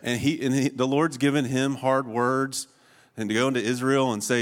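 A man in his forties delivers a heartfelt sermon in a voice of ordinary middle pitch. He is earnest and emotional, often slipping into laughter and stumbling over restarts. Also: flat delivery, moderate pace. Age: 40s. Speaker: preacher.

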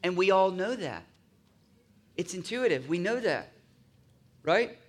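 A man's voice: high-pitched, sing-song, a little slow. A man preaching a sermon in a conversational way, often asking his listeners to agree and acting out grumbling voices in asides. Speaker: pastor.

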